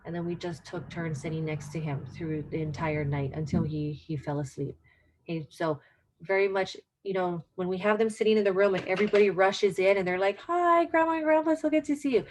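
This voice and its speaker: A woman's voice: on the low side, steady tone, brisk, darkish tone, a little hiss or hum. A middle-aged woman giving an informal caregiver presentation on dementia care, earnest and repeating her key points for emphasis.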